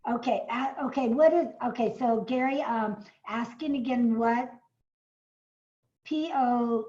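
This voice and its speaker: A woman hosting a live webinar on a video call, pitching an event with excited bursts and fillers, her voice a little hoarse from coughing. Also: measured pace, highs cut off.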